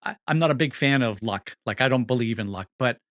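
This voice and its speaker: A man co-hosting a podcast, talking casually and haltingly. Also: medium pitch, a bit bright, dry recording, clean studio sound. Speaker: podcast co-host. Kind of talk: casual chat.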